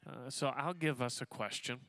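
A man moderating a panel, asking questions in a halting, gently joking way with many fillers. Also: mid-range voice.

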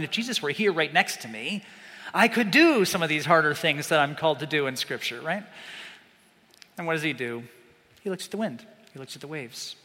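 Animated high-voiced preacher in a hall. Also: male voice. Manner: animated, swings from loud emphasis to hushed asides. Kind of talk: sermon.

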